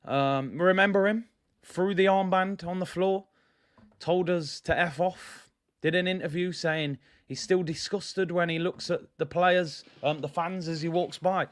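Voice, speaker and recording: A man hosts a football fan vlog. His voice sits a bit high, and he talks bluntly and passionately, hammering points home by repeating them. He keeps turning to his viewers and calling them "people.". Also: steady tone, measured pace. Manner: addresses viewers directly as "people". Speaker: football fan channel host. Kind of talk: ranting fan reaction vlog.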